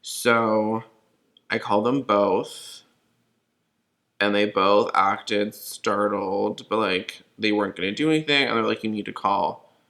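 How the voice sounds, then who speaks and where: A man's voice: lowish voice, takes it slowly, a bit bright. A young man from California, shaken and upset, telling a personal story in a casual, profane, rambling way full of fillers. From Los Angeles.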